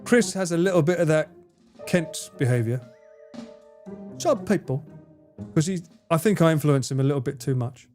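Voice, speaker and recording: A soft-spoken man with an Essex accent chats casually to his livestream audience, his voice sitting a little high and tending to mumble. Faint music runs underneath. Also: lively intonation, moderate pace, long pauses. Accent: Essex English. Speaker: streamer.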